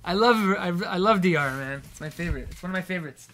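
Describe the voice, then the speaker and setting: A man's voice: high voice, lively intonation, fast talker, a bit bright. A man live-streaming from his home studio, chatting casually at the piano and reading out viewer comments. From Massachusetts.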